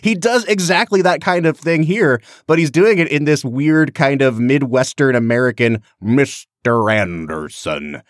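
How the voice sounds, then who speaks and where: A man co-hosting a podcast, chatting casually about a film in long, animated run-on thoughts. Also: on the high side, moderate pace, few pauses, dry recording, studio quality. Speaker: podcast co-host.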